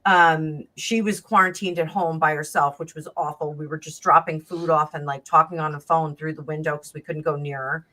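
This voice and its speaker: A woman telling a long personal story in casual chat, rambling and animated, acting out the voices of the people in it. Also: low-pitched, normal speed, few pauses. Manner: rambling, animated, acts out quoted dialogue. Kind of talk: casual storytelling on a live stream.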